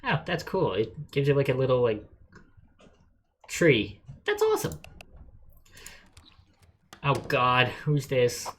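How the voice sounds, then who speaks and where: A man's voice: mid-range voice, lively intonation, slow, pauses often, fairly bright tone. Guy streaming a game, snarky and sweary, reads stuff off screen, clicky keyboard behind. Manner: sarcastic, swearing, reads game text aloud. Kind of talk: gameplay commentary.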